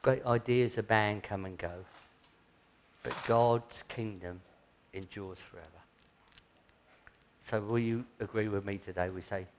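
A man's voice: on the low side, fairly even intonation, measured pace, pauses often, a little hiss or hum. A man preaching an earnest, conversational sermon that moves into prayer. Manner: earnest, conversational, breaks into mocking asides.

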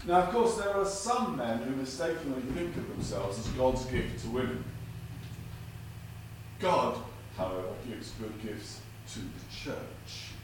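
A man preaching a sermon with jokes, delivered in a lively, dramatic way in a church. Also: a little slow. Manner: lively, dramatic delivery with big pitch swings. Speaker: guest preacher. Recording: echoey church from far off with noise.

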